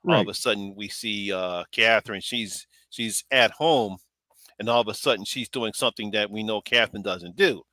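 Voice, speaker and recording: A man's voice: on the low side, moderate pace, bright, forceful tone, no echo. A man hosting a casual live stream chat about a horror film, rambling and laughing often.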